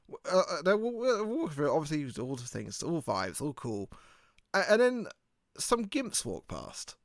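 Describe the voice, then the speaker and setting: A man's voice: mid-range voice, big pitch swings, a little fast, vocal fry, no room sound, clean studio sound. A man hosting a podcast in a casual rambling monologue. He jokes, swears freely and laughs at his own jokes. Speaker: podcast host.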